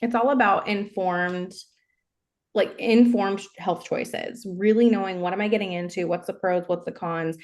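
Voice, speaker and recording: A woman's voice: medium pitch, fairly even intonation, normal speed, darkish tone. Chatty woman podcast co-host. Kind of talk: casual interview chat.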